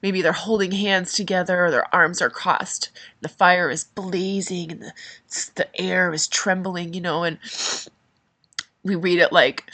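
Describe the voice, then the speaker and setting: A woman's voice: fairly low pitch, steady tone, measured pace, a bit bright. A middle-aged woman hosting a podcast, telling a personal story in an emotional, rambling way with many fillers. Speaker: podcast host.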